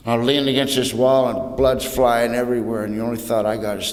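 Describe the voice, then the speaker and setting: A man in his sixties tells an audience his own recovery story, plainspoken and funny, with casual slang. His medium-pitched voice barely moves in pitch and runs fairly quick with hardly any pauses. The hall is roomy and reverberant, with faint noise.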